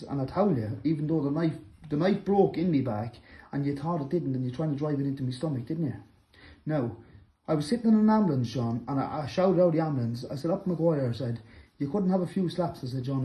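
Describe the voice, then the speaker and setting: A middle-aged man is delivering an angry callout straight to the camera. His voice is sharp and bright and sits fairly high, and he piles up accusations, repeating himself and swelling into loud bursts. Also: poor audio. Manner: accusing, repetitive, rising to shouting bursts. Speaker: man addressing a rival on camera.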